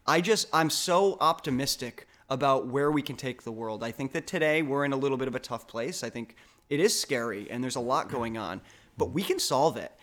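A man's voice: medium pitch, expressive, a little fast, fairly bright tone. A man hosting a wellness podcast who talks in an earnest, upbeat, optimistic way. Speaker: podcast host. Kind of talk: casual conversation.

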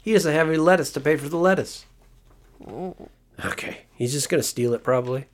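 A man's voice: fairly high pitch, brisk. A man co-hosting a casual podcast with his child, talking in a playful, teasing way with jokey interruptions. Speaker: podcast co-host and parent.

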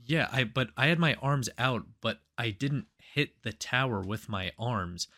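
A man's voice: medium pitch, a little slow, bright, forceful tone. A young man co-hosting a podcast, telling crude, profane drinking stories in casual chat. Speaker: podcast co-host.

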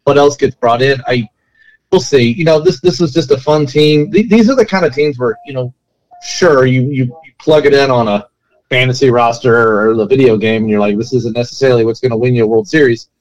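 Man co-host, mid pitch, loose rambling sports talk. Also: fairly quick, lo-fi sound. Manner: rambling, many restarts and fillers. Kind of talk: casual sports podcast chat.

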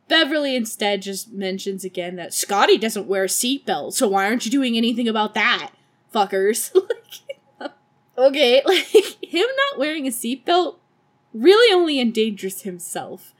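A woman's voice: a little high, expressive, moderate pace. A young woman hosting a podcast, recapping a film in a casual, sarcastic, profane way with laughing asides. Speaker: podcast host.

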